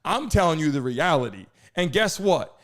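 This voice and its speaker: A man's voice: a little high, very animated, moderate pace, fairly bright tone. A man from New Jersey hosting a live political talk show, ranting in an indignant, profane way. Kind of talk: heated live-stream commentary.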